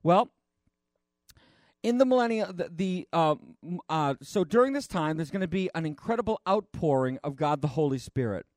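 A man preaching a conversational sermon, rambling and animated, with frequent restarts and fillers. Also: fairly high pitch, moderate pace, no echo, studio quality.

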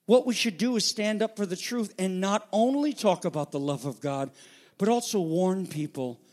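A man delivering a sermon, urgent and emphatic, asking rhetorical questions and swinging between loud declarations and quiet asides. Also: high voice, moderate pace. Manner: asks rhetorical questions and repeats phrases. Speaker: preacher.

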